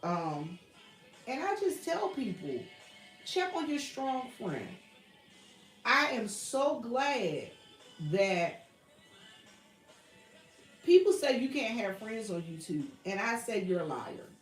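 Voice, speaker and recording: A woman with a Southern US accent chats on a livestream from her workshop, her voice sitting fairly high. She talks earnestly and circles back to the same points, calling everyone y'all. The sound is roomy and off-mic, with faint music behind her. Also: very animated, slow, long pauses, far from the mic. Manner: heartfelt, repetitive, addresses viewers as y'all. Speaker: YouTube livestream host. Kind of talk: casual livestream chat to viewers. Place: home workshop with a printer running.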